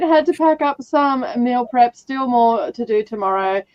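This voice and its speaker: A woman's voice: on the high side, animated, unhurried, a little mellow, smooth, dry recording, muffled recording. An Australian woman hosting a casual reading livestream, chatty and laughing often as she greets viewers. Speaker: reading sprint host.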